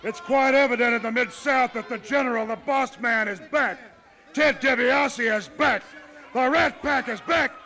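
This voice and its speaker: A pompous wrestling manager lays out his demands in a high, bright, commanding voice. He talks down to everyone and builds to shouted threats. The sound has the feel of a 1980s television broadcast. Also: normal speed, some chatter behind. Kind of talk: wrestling promo speech.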